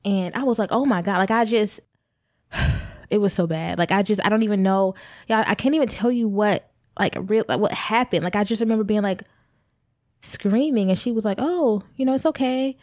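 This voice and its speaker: A woman's voice: medium pitch, moderate pace, a little mellow, no echo, clean studio sound. A young pregnant woman candidly telling a personal story to her viewers, rambling a little and speaking to them directly. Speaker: vlogger.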